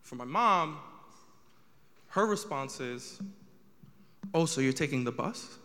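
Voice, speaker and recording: New guy in his 20s doing standup, exasperated storytelling, bright voice, reverby room. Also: a little high, slow. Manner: animated storytelling with rising exasperation. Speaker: stand-up comedian. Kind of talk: stand-up comedy set.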